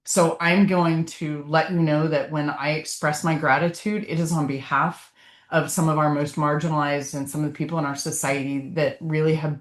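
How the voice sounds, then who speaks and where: A woman's voice: low-pitched, level tone, normal speed. A woman, a physician, giving a casual continuing-education lecture in an earnest, heartfelt way. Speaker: physician presenter. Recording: echoey room.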